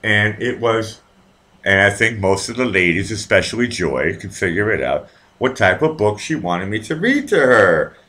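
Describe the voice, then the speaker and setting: Male live-show host, low voice, animated delivery, rambling and profane, casual storytelling. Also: moderate pace. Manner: rambling, profane, with many restarts.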